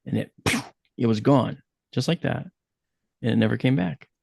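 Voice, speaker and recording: Gravelly man telling a spooky story. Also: medium pitch, normal speed, no echo. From USA. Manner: animated storyteller, acts out his own quotes. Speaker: guest speaker. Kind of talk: storytelling talk.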